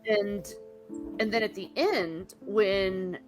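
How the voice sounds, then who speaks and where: Animated woman guest with a mid-range voice. She talks in a lively, opinionated way and acts out quotes in casual chat. Faint music plays underneath. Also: medium pitch, takes it slowly. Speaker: interview guest.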